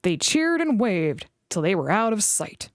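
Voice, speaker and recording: A woman reading a children's storybook aloud in an expressive way. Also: medium pitch, unhurried, dry recording, studio quality. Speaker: reader.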